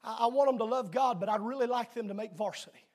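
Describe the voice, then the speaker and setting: The preacher here is a middle-aged man whose voice is extremely high-pitched and fast. His church sermon alternates between loud, emphatic proclamations and soft, conversational asides to the people in the pews.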